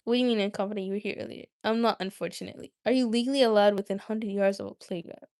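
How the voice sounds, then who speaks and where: A woman's voice: medium pitch, steady tone, rapid-fire, darkish tone. A young woman hosting a livestream, chatting casually with viewers in a rambling, self-interrupting way. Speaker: livestream host.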